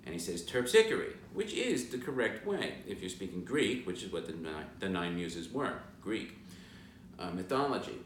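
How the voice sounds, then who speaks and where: A man hosting a casual talk to camera, an animated storyteller full of asides, recorded indoors in a large suite. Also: low-pitched, moderate pace. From moved from Boston. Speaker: guest house owner and host. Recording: roomy and somewhat distant with background noise.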